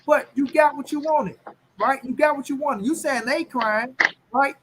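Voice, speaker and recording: A man co-hosting a boxing talk show, arguing loudly and profanely, talking over the other host in a heated casual debate. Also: very high-pitched, moderate pace, background noise.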